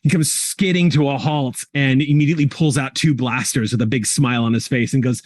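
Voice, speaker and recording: A man narrates a tabletop game as game master, painting each scene in vivid detail. He pauses often with filler sounds as he works out the rules. His voice sits at an everyday pitch and is recorded close and dry, with no room sound. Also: a little mellow, no echo. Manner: vivid descriptive narration with frequent ums.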